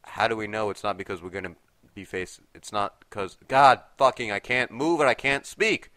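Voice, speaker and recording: Teen gamer, nasal from allergies, bright and jumpy, yelps on surprises. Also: male voice, moderate pace, no room sound. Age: teens. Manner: excitable, yelps and shouts in sudden pitch jumps. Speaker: let's play gamer. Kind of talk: casual gameplay commentary. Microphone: desk mic resting on a table.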